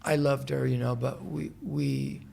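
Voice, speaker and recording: A man talking as a guest in a casual interview in a hotel room, telling a long story in a soft-spoken, meandering way with frequent restarts. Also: mid-range voice, sing-song, a little slow, gravelly, slight background noise. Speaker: musician guest.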